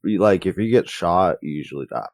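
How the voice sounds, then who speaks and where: A man with an extremely low, gravelly voice talks loosely and profanely, piling up asides as he tells a story. He is recorded close and dry, with almost no room sound. His co-hosting is a relaxed, rambling chat. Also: fairly quick, no room sound. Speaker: podcast co-host. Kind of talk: casual chat.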